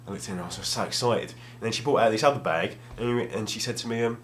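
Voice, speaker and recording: With a fairly low voice and quick pace, a young gaming vlogger sits at a table in his home room. He tells a rambling, self-deprecating story casually, restarting often.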